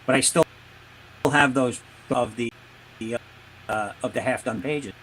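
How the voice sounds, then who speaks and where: A man who creates comics, a guest on a video call, telling his story in a halting way, searching for words. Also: medium pitch, a bit bright, slight background noise. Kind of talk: casual interview chat.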